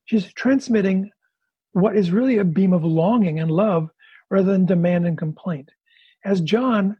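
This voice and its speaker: A man's voice: high-pitched, measured pace, mellow, husky, no echo, dull audio. A male therapist explaining his method and acting out a couple's session. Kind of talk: explanatory talk with role-play demonstration.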